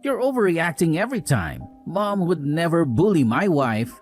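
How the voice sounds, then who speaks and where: A woman's voice: low voice, sing-song, moderate pace, a little mellow, soft background music. A woman voicing a hot-tempered husband who scolds. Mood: scolding, accusing. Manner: accusing, scolding. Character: angry young husband, mother-loyal, hot-tempered. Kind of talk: dramatized story dialogue.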